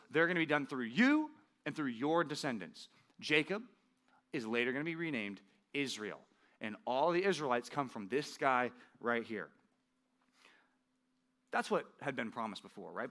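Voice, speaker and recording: Male pastor, conversational sermon delivery, bright and slightly high voice, acts out quotes. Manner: conversational, keeps asking "right?"; acts out scripture quotes with rising emphasis.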